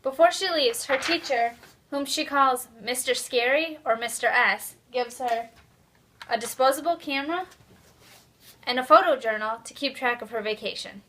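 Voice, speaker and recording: A young woman, a student, presenting a children's book and reading a passage aloud cheerfully and clearly. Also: high voice, normal speed, pushed and bright. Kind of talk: read-aloud book talk.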